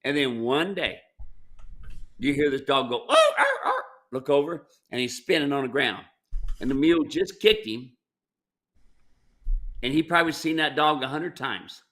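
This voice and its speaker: This American man, a mule trainer and ranch owner, hands out plainspoken, folksy advice and ranch stories on a casual question-and-answer show. He talks at a normal speed with a medium pitch and a fairly bright tone, pausing often.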